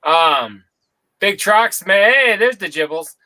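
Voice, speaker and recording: A man's voice: sits high, animated, slow, bright, forceful tone, dry recording, low-quality recording. A man co-hosting a podcast, chatting loosely and profanely with his friends. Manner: loose, profane, laughing banter. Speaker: podcast co-host. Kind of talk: casual chat.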